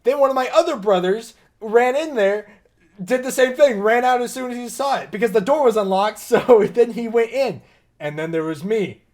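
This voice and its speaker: High-voiced young man, casual podcast chat. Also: moderate pace. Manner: animated, laughing storyteller. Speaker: podcast co-host.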